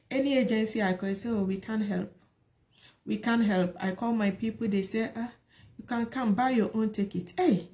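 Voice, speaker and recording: A woman's voice: mid-range voice, a little mellow. A woman sharing her personal life story, emotional and repetitive, with many rhetorical questions. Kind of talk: personal testimony talk.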